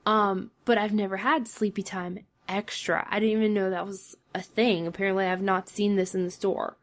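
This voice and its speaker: Hoarse woman telling a story animatedly. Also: mid-range voice, moderate pace. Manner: animated, exasperated. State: scratchy throat, coughing. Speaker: podcast co-host. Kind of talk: casual storytelling.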